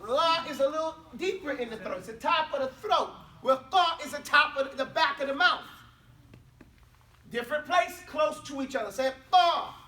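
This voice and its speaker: A man teaching Arabic pronunciation to a class, loudly modelling sounds for students to repeat and then explaining them. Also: extremely high pitch, normal speed. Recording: roomy classroom, far from the mic, class audible.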